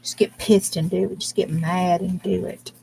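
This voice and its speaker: A woman's voice: fairly low pitch, fairly even intonation, moderate pace, vocal fry, mellow, a little hiss or hum. A woman chatting bluntly and casually while she crafts on her channel, cursing mildly as she works. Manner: folksy, blunt, mild cursing, talks while working. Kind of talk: casual crafting livestream chat.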